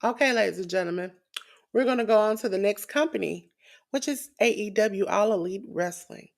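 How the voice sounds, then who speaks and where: A woman co-hosting a wrestling podcast in casual chat, animated and acting out quotes in different voices. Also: mid-range voice, fairly quick, creaky. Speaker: podcast co-host.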